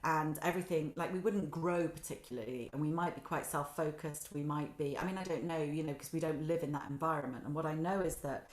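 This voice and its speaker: A middle-aged woman appears as a guest, her low voice fairly even in intonation, a little fast and with hardly any pauses. Reflective yet animated, she often acts out quotes and laughs at herself, and the recording has a roomy echo.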